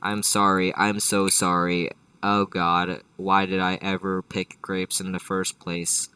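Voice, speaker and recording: A man's voice: low-pitched, flat delivery, takes it slowly, bright, forceful tone, smooth, dry recording, distant mic, exaggerated voice. A man voicing a panicked young man who begs forgiveness with frantic, repeated apologies, in a comedic spoken story.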